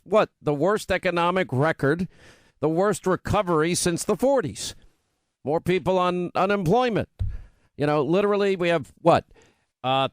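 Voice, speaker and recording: Hard-hitting high-voiced male radio host. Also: clean tone, dry recording. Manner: mocking repetition of buzzwords, rapid-fire lists. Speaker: radio talk show host. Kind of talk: opinionated talk radio monologue.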